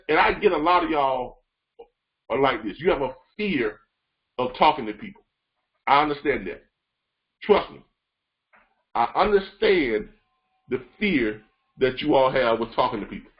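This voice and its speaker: A man leading a training call, coaching listeners with repetitive, animated talk. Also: mid-range voice, lo-fi sound. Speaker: freight broker trainer.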